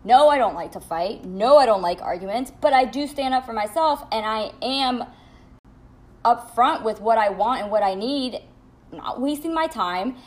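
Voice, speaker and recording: A young woman talks straight to her viewers from home, telling a story about an ex in a blunt, cussing, animated way. Her voice sits on the higher side. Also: moderate pace. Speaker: vlogger. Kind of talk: storytime monologue.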